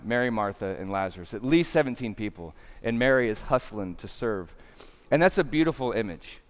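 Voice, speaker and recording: Male pastor, sermon, smooth clear voice, laid-back slangy delivery with lively asides. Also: medium pitch. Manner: casual slangy preaching, animated asides. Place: church.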